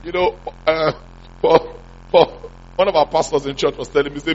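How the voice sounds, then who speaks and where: A man's voice: fairly high pitch, steady tone, moderate pace, a little mellow. A man preaching a sermon as a pastor, often asking the congregation whether he is making sense. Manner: call-and-response preaching, repeated questions to the congregation. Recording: muffled lo-fi sound.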